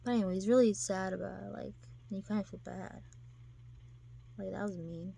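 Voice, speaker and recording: A woman's voice: medium pitch, fairly even intonation, brisk, creaky, dark tone, husky. A woman chatting casually to camera, rambling with lots of fillers and restarts. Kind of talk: casual chat.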